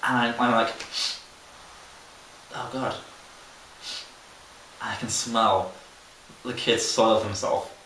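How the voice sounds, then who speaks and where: A man's voice: fairly low pitch, steady tone, measured pace, sharp tone. Young male podcast co-host, casual storyteller, roomy distant sound with faint hiss. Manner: rambling storyteller, laughs mid-sentence, mimics voices. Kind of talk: casual chat.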